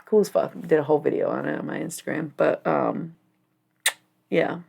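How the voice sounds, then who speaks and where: A woman's voice: low-pitched, normal speed, creaky, dark tone, breathy edge. A young adult woman chatting casually on a livestream while reading cards, rambling, giggly and swearing freely.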